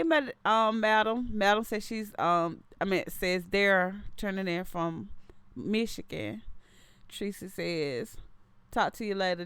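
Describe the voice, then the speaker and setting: A woman in her thirties hosts a casual livestream, chatting loosely and reading viewer comments aloud, often repeating and restarting phrases. Her mid-range voice is fairly bright, clear, and resonant, with no echo.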